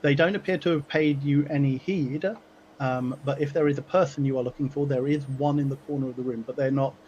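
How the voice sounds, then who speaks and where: A man's voice: medium pitch, fairly even intonation, darkish tone, slight background noise. Guy gm narrating his table game, lots of uhs and ums, kinda muffled lo-fi audio. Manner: halting, many ums and uhs. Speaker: game master.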